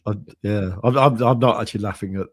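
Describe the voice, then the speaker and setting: A man's voice: on the low side, quick pace. A man co-hosting a live tech chat, easygoing and joking, with hesitant restarts.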